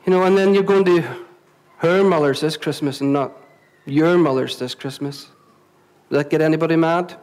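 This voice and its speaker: A Northern Irish man with a high voice delivers a sermon to his congregation. He talks in a chatty way, repeating words and asking the room questions. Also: moderate pace, darkish tone, rough recording. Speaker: pastor. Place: church venue before a congregation.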